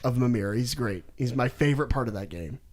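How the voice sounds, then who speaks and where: A man's voice: medium pitch, animated, brisk, darkish tone. A young man co-hosting a casual podcast, animatedly retelling a video game story and acting out the characters' lines. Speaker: podcast co-host.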